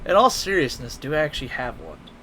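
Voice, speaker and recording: A man's voice: mid-range voice, wildly swooping pitch, fast, bright, forceful tone, a little hiss or hum. A man streaming a racing game, laid-back and good-humored in casual chat. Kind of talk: casual chat while gaming.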